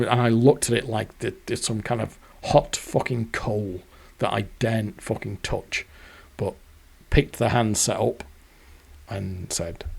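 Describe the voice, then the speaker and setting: A man's voice: lowish voice, gravelly, a little mellow, husky. A man, telling a rambling, sweary personal story. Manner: rambling, sweary, self-deprecating. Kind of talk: casual storytelling monologue.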